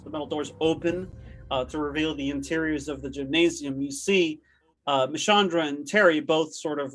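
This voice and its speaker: A man's voice: on the high side, a bit bright. Male game master narrating, faint music. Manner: hesitant, many fillers. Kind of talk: narrating a tabletop horror game.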